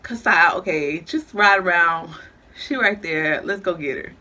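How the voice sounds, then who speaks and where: A young woman vlogger telling a casual storytime, animated and laughing through it. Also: fairly low pitch, unhurried, slight background noise.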